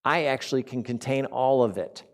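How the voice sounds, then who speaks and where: A man delivers an informal sermon to a spiritual community in an easy, conversational tone. His voice keeps jumping between forceful bursts of emphasis and soft, low asides. He often turns to his listeners with direct questions. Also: moderate pace. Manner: conversational, with sharp swings between loud emphasis and quiet asides; asks the audience questions.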